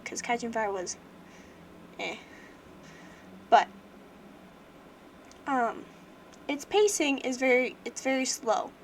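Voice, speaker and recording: Young woman streamer, higher-pitched voice, chatty and rambling, faint background hiss. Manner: chatty, rambling, many fillers and restarts. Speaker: livestream host. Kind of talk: casual book review chat.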